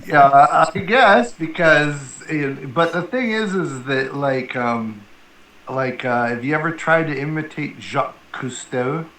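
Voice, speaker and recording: A man's voice: fairly high pitch, expressive, slow, sharp tone, roomy sound, a little hiss or hum, poor audio. A man chatting casually as a guest, rambling and joking with many fillers. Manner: rambling, filler-heavy, jokey. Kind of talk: casual chat.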